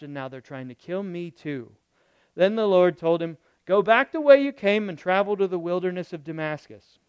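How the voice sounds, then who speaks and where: A man preaching a sermon in a lively, conversational way, reading scripture aloud and asking the congregation rhetorical questions. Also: sits high, clear, resonant tone, no room sound, dull audio. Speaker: pastor.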